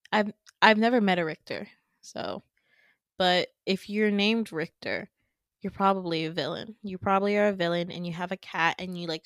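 A young woman hosting a podcast, retelling a dream in a casual, animated way with swearing and laughing asides. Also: medium pitch, dry recording, studio quality. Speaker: podcast host. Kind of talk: casual storytelling.

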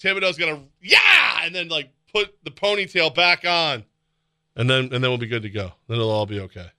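A man hosting a sports radio show, excitable and rambling, often laughing as he talks. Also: medium pitch, fairly quick, dry recording, clean studio sound. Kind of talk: casual sports radio banter. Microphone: studio microphone.

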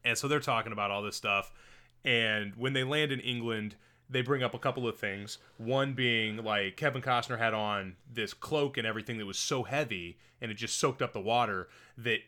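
A man co-hosting a movie podcast in a casual, animated way, laughing as he talks. His voice is bright and forward, and his pitch sits in a middle range. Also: moderate pace. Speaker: podcast co-host. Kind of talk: casual movie review chat.

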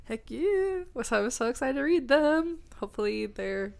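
A woman's voice: a little high, animated, fairly quick, vocal fry. A woman hosting a podcast in casual chat, rambling with fillers and giggling. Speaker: podcast host.

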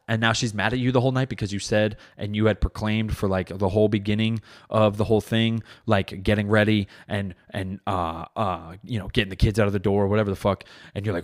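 A young man hosting a podcast, telling a comedic monologue in a profane, animated way with sudden loud bits. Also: lowish voice, fast, hardly any pauses. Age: young adult. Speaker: podcast host.

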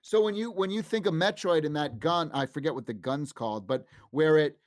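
A man in his fifties, a sound designer being interviewed, telling animated stories and acting out what others said. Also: a little high, brisk, no room sound, studio quality. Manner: animated anecdotes, acts out quoted dialogue. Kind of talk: casual interview storytelling.

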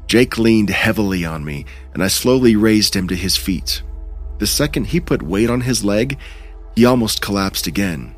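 Low-voiced man narrating horror. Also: expressive, normal speed, soft background music. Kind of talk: first-person horror story narration.

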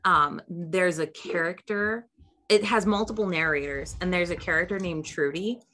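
A woman co-hosting a podcast, talking in an animated way and laughing often. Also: fairly low pitch, normal speed, slight background noise. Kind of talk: casual chat.

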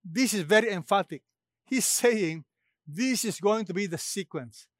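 A man's voice: sits high, animated, measured pace, no room sound. A man preaching a sermon, emphatic and asking the listeners rhetorical questions.

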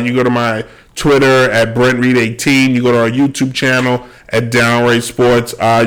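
Young guy sports podcast host, slangy and fired up, ranting away. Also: medium pitch. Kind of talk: casual sports rant.

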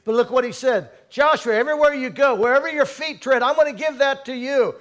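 A male pastor preaching a sermon, calling out to the congregation and swinging from soft murmurs to loud exhortation. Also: very high-pitched, fairly quick, some chatter behind, slight background noise. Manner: preaching with call-and-response and dramatic swings in volume.

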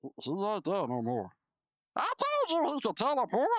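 A man hosting a comedy podcast, acting out an improvised skit in a playful way that jumps into high, silly voices. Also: wildly swooping pitch, normal speed. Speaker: podcast host.

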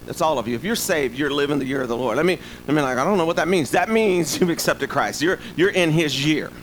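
A man delivers a sermon in a high, bright voice. He talks in an animated, humorous way, throwing asides to the congregation, with faint noise in the background. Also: fast, poor audio. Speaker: preacher.

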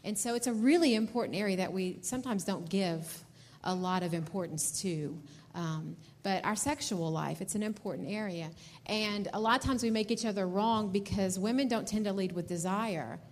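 A woman speaks to married couples at a seminar in a plain, mid-pitched voice. She talks directly and keeps checking in with the room. A faint hum runs behind her. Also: normal speed, darkish tone. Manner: direct, often checks in with "okay?". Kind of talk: teaching talk to couples.

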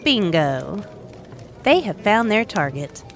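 Chatty woman narrator, lively pitch, faint music bed. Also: slow. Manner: playful, conversational. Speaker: storyteller. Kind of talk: narrating an adventure story.

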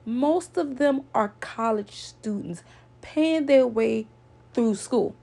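Woman, casual vlog storyteller, gravelly texture, earnest lecturing delivery with lots of repetition. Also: on the high side, takes it slowly, warm tone. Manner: earnest, lecturing, repeats points for emphasis. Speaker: vlogger.

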